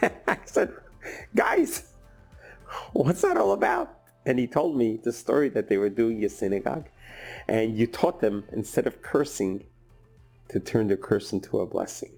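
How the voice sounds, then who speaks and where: A male rabbi delivers a sermon as a lively story, with his voice sitting at an ordinary middle pitch. Faint music plays softly underneath his words.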